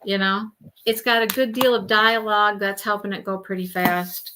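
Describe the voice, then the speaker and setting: A woman's voice: mid-range voice, fairly even intonation, normal speed, background noise. A woman hosting a casual live book chat, talking in a chatty way and laughing often. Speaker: book discussion host.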